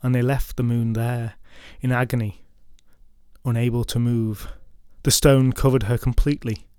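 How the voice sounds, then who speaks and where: A man of middle pitch narrates an old legend for a podcast, switching between hushed drama and deadpan jokes. His voice sits close and dry on the mic, with no room sound around it. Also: normal speed, smooth, no echo. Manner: wry, deadpan asides breaking a dramatic retelling. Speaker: podcast storyteller. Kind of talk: folklore storytelling narration with comic asides.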